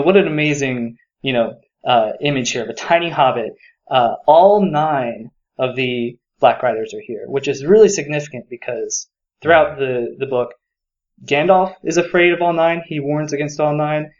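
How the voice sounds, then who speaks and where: A man's voice: mid-range voice, muffled recording. A man co-hosting a podcast, talking enthusiastically about a book and rambling with many fillers. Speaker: podcast co-host. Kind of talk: casual book discussion.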